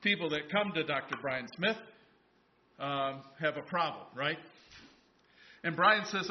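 A high-voiced man preaching a sermon in a church, recorded with a dull, lo-fi sound. He retells a Bible story in a conversational way and stops to ask the congregation questions. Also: normal speed. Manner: storytelling, voices biblical characters in asides. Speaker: pastor.

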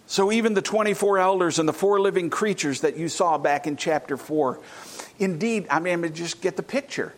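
High-pitched guy preaching, gets loud then drops almost to a whisper. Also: animated, moderate pace. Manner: swings from loud exclaiming to hushed, near-whispered reflection. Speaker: pastor. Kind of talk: sermon.

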